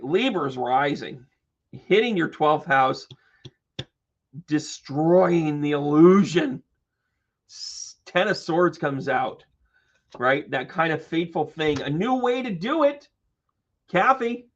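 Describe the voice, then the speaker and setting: Man, tarot reader, live stream, joking, swearing, fairly high voice, muffled lo-fi sound. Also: fairly bright tone. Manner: exclamatory, joking, swears freely, greets viewers by name.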